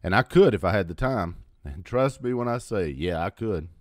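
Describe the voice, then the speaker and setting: With a lowish voice, lively intonation and normal speed, this man in his fifties hosts a channel where he rants about politics to camera. He is blunt, defiant, profane and sarcastic, recorded dry in clean studio sound.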